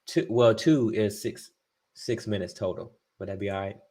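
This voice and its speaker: A man's voice: on the low side, moderate pace, warm tone. A man co-hosting a casual podcast, talking things through in an explanatory way with fillers. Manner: explanatory, thinks aloud with fillers. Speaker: co-host.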